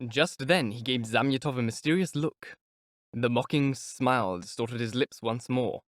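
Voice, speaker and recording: Man narrating an audiobook, measured and expressive, close dry mic, mid-pitched voice. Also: dry recording. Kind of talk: scripted narration.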